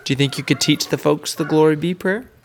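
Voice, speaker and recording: A woman in her thirties hosts a casual family podcast, gently quizzing and praising her young son like a teacher. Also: deep voice, a little fast, a little hiss or hum. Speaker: podcast host and homeschooling mother.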